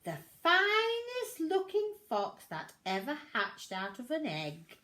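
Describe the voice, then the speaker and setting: A woman voicing a sly, flattering mother fox who talks in a sweet, coaxing way in a storybook reading. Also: high-pitched, slow pace, roomy sound, pitched above the performer's own voice, heavily acted.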